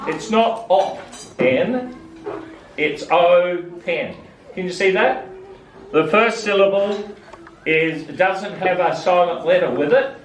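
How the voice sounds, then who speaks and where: Man, phonics teacher, very slow deliberate delivery, slightly raised pitch, echoey room, heard from a distance. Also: a little hiss or hum. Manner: slow, patient, asks the student questions. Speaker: reading teacher. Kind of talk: classroom phonics lesson.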